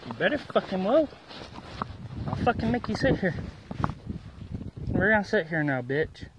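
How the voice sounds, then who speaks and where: High-voiced swearing man, outdoors. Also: sing-song, normal speed. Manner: gruff, swearing, commanding. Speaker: animal trainer. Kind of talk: casual talk to an animal. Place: outdoors in the countryside. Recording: noisy outdoor recording.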